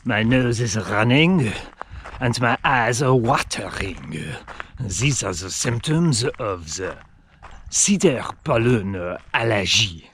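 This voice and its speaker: Comic bit: a man doing a hammy, outrageous French accent, slow and mock-serious, middle pitch. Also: animated, fairly bright tone, a little hiss or hum.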